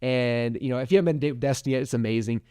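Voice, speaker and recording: Fast-talking man in casual motivational talk. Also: mid-range voice, mellow, smooth, no echo, studio quality. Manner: rambling, frequent likes and restarts. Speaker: podcast host.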